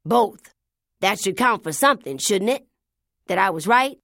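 Lady voicing a nervous street preacher guy, pushy and pleading, raised higher and louder than her usual read, dry sound. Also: expressive, a little slow, no echo, exaggerated voice. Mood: insistent. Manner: pleading, insistent. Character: anxious middle-aged male street preacher.

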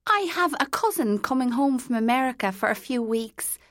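A woman voicing an eager, anxious middle-aged woman customer who hunts for bargains and turns shrill when excited. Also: moderate pace, dry recording, clean studio sound.

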